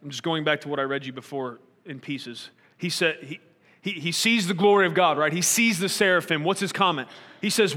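A man's voice: on the high side, fairly quick, sharp tone, big-room sound. A man preaching a sermon, earnest and probing, asking his listeners pointed rhetorical questions.

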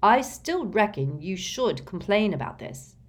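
A woman's voice: medium pitch, very animated, unhurried, pitched above the performer's own voice. A woman voicing a gloomy teenage boy who grumbles in an exasperated way. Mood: grumbling.

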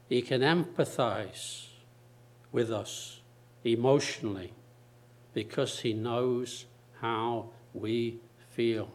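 Slow, deliberate male preacher. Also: medium pitch. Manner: slow, deliberate preaching with repeated phrases and dramatic pauses. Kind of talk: sermon.

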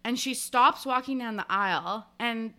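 Bright, clear-voiced young woman recapping. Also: a little high, unhurried. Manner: chatty, acts out characters' lines with lots of "like". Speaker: podcast co-host. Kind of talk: casual book recap chat.

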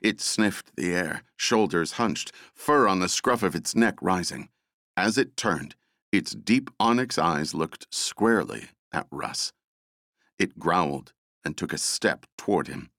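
Deep, lively male audiobook narrator. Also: slow pace, no echo, clean studio sound. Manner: dramatic, expressive storytelling. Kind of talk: scripted narration.

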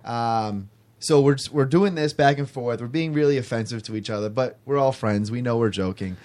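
A man's voice: mid-range voice, normal speed, darkish tone. A man casually telling a rambling, self-amused story on a podcast, restarting his phrases as he goes.

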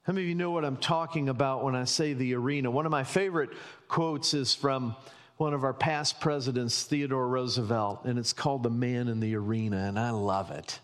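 A man's voice: medium pitch, steady tone, a little fast, in a large hall. A man preaching a sermon as pastor, building emphatic runs of repeated rhetorical questions. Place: church sanctuary.

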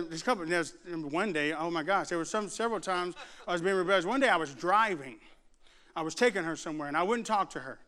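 A middle-aged man preaching a sermon, telling stories with humor and acting out the voices of others. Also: high-pitched. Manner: animated, jokes and mimics voices. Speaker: pastor. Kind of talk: sermon with storytelling. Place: church before a laughing congregation.

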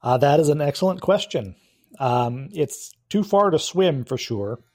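A man narrating as game master of a tabletop role-playing game, describing scenes in a relaxed way with frequent filler words. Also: a little high, a little slow.

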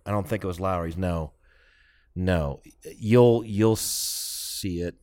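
A man's voice: low-pitched, takes it slowly, mellow. A middle-aged man chatting casually on a podcast, telling rambling stories with many restarts and asides. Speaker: podcast co-host. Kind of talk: casual chat.

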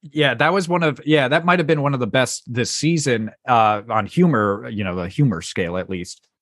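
A man's voice: mid-range voice, moderate pace, a bit bright, no echo, clean studio sound. A young man hosting a podcast, chatting casually with loose, profane, joking banter. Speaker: podcast host.

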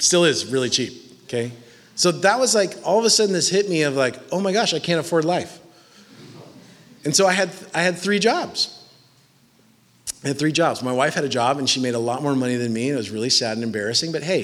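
A man's voice: medium pitch, fairly bright tone. A man in his twenties preaching a sermon in a church hall, conversational and jokey. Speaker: pastor. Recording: long reverb of a large hall.

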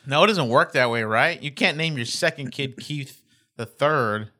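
A man's voice: mid-range voice, normal speed, bright, forceful tone. A playful man in casual podcast banter who laughs easily. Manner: playful, laughs often, tries silly voices.

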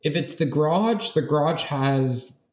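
A man's voice: fairly high pitch, animated, measured pace, a little hiss or hum. A man playing as a guest in an audio puzzle game, working through clues aloud with frequent restarts. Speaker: guest player. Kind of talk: casual game chat. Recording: roomy echo.

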